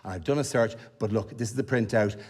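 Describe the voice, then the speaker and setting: A man in his sixties with an Irish accent, telling a stand-up comedy story in a quick conversational way. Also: on the low side, darkish tone, breathy edge. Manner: rapid-fire conversational delivery.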